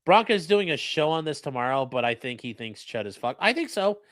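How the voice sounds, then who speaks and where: A male livestream host talks in a casual, blunt way, full of swearing and mocking asides. His voice sits a bit high for a man and swings up and down a lot. The sound is close and dry, with no room echo. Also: big pitch swings, fairly quick, fairly bright tone.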